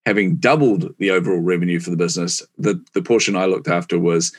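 A man's voice: low voice, fast. A man in his forties with a New Zealand accent, telling his career story casually and with many laughs in an interview. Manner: chatty, animated, laughs often. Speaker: guest, marketing executive.

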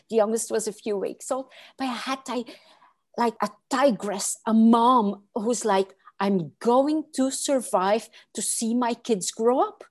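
A woman's voice: on the high side, darkish tone. A woman in her late forties, a guest telling a personal story in an earnest, emphatic way, with many fillers and restarts.

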